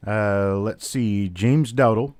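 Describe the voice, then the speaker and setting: A man's voice: fairly low pitch, takes it slowly, a little mellow, no room sound. A man hosting a live-stream coin auction, chatty, calling out bidders and prices one after another. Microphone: webcam on a stand.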